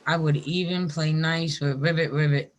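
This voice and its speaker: A man's voice: on the high side, steady tone, lo-fi sound. A man hosting a live stream, teasing his guests and laughing often in casual group chat. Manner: brash, teasing, quick to laugh. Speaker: stream host.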